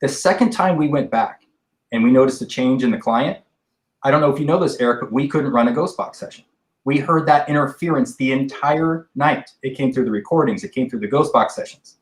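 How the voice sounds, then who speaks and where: A man's voice: medium pitch, brisk, echoey room, rough recording. A man on a paranormal podcast, rambling through explanations with restarts and asides. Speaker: paranormal investigator guest. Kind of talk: casual podcast discussion.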